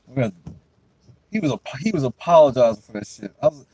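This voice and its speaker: A young man and podcast host telling stories in a casual chat, profane and animated, often breaking into laughter. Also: medium pitch, fast talker, low-quality recording.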